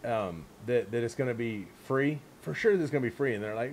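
A man co-hosting a podcast, joking in relaxed casual chat. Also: medium pitch, brisk, a little hiss or hum. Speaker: podcast co-host.

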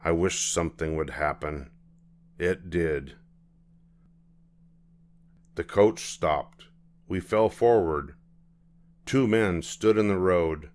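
An older man reading a children's picture book aloud, telling the story in an unhurried, measured way. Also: deep voice, a little mellow.

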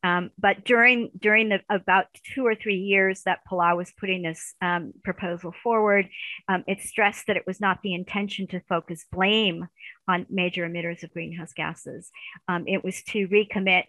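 A woman's voice: medium pitch, steady tone, normal speed, pushed and bright, no room sound, poor audio. A middle-aged woman giving a recorded university lecture, hesitant, with many fillers and restarts.

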